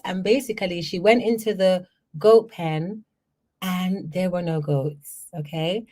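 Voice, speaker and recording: A woman from Jamaica, a podcast host telling personal stories in an animated way, often checking in with the listener. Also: fairly low pitch, slow pace. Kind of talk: personal storytelling.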